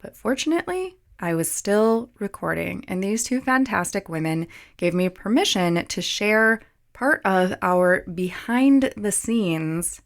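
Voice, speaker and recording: A woman opens her podcast with a prepared introduction of her guests. Her voice sits on the low side, and she reads in an earnest, steady way. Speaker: podcast host.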